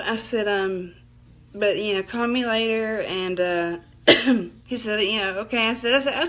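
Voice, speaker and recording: A woman's voice: medium pitch, fairly even intonation, normal speed, a bit bright. Chatty woman live-streaming. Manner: chatty, rambling, laughs often. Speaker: livestream host. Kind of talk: casual live chat and storytelling.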